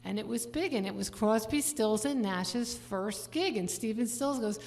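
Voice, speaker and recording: An older woman musician chatting with her audience between songs at a concert, rambling through anecdotes with quick laughs. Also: a little high, a little mellow. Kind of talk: stage banter between songs. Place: large church venue. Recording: live concert hall with long reverb and instrument.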